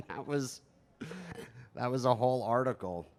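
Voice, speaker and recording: A man's voice: medium pitch, noisy background. Profane man doing stand-up. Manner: profane, conversational, self-deprecating. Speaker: stand-up comedian. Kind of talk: stand-up storytelling.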